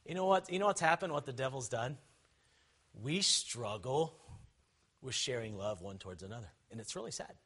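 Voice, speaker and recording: A man, a pastor, preaching an impassioned sermon that swings from loud shouting to quiet, conversational asides. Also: mid-range voice, expressive, moderate pace, slightly rough.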